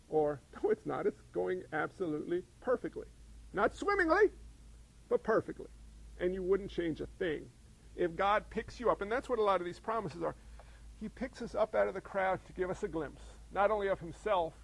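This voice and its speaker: A man's voice: sits high, animated, moderate pace, vocal fry, low-quality recording. A man preaching a sermon in a conversational way, posing rhetorical questions and repeating phrases to a congregation. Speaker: pastor.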